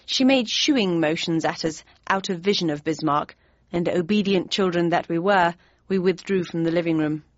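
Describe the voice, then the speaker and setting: A woman's voice: lowish voice, normal speed, no room sound, muffled recording. Woman narrating a wry story. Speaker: audiobook narrator. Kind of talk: scripted narration.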